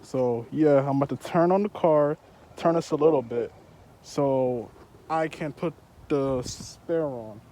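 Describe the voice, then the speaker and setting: A man's voice: medium pitch, a little slow, dark tone, a little hiss or hum. A young man vlogging casually while working on his car, with loose slangy talk and a bit out of breath under a mask. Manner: laid-back slangy talk. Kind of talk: casual vlog narration.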